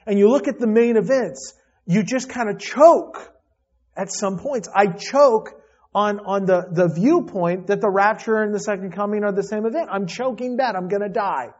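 A man's voice: high voice, moderate pace, lo-fi sound. A man preaching a sermon to his church, earnest and emphatic, often repeating himself and restarting phrases. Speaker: pastor.

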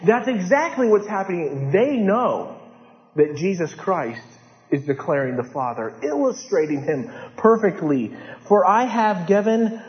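A man preaching a sermon as pastor, impassioned, swinging from loud urgent peaks to low hushed lines. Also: big pitch swings, unhurried. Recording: dull lo-fi sound in a large reverberant hall.

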